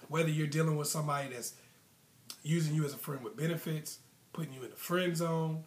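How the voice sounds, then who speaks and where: A man's voice: a little high, echoey room. Chatty man giving relationship advice. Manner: conversational, retells clients' stories with many fillers. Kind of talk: casual advice monologue.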